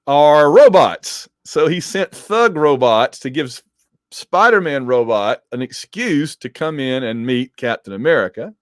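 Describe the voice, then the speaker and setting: A man casually reviewing a comic book issue, animated and digressive, with joking asides. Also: a little high, no echo, studio quality. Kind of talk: casual commentary.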